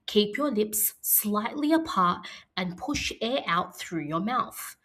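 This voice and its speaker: A woman teaching an early-years phonics lesson, speaking slowly and clearly in an encouraging classroom manner. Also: mid-range voice, lively intonation, fairly bright tone.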